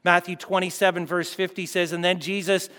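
Fervent high-voiced preacher in reverberant hall. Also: male voice, level tone, brisk. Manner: swings from loud fervent peaks to hushed soft passages. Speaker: pastor. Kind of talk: sermon.

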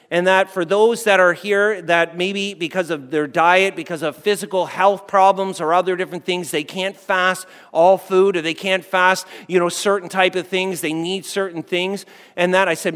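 A man's voice: high voice, steady tone, moderate pace, fairly bright tone. A man preaching a sermon as pastor, talking conversationally, repeating phrases and checking in with the congregation. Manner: conversational, repeats phrases, asks the crowd "right?". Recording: long hall reverb.

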